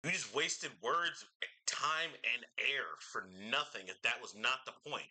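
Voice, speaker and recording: A man's voice: medium pitch, expressive, measured pace. A man reacting to a debate clip in casual commentary, exasperated and swearing, talking into a microphone. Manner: exasperated, swearing, loud outbursts. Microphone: studio microphone.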